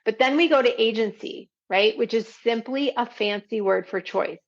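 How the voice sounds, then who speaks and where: A woman's voice: a little high, normal speed, lo-fi sound. A woman hosting a podcast, teaching listeners in a conversational way and checking in often with "right?" as she explains. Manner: explains step by step with frequent "right?" asides. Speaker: podcast host and parenting coach.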